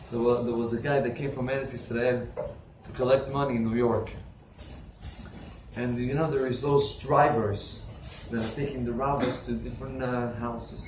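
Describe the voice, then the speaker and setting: A man preaching as a rabbi, telling stories with lively swings and bursts of loud voice. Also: mid-range voice, moderate pace, noisy background. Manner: animated storyteller, bursts into shouting for quoted characters. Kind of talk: sermon with told stories. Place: synagogue. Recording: roomy echo, faint ambience.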